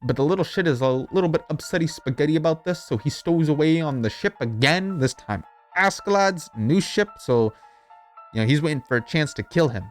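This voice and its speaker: A man's voice: a little high, a little fast. Profane, sarcastic young man narrating. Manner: irreverent, profane, sarcastic, rambling. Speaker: video narrator. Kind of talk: comedic anime recap narration. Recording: voice-over with background music.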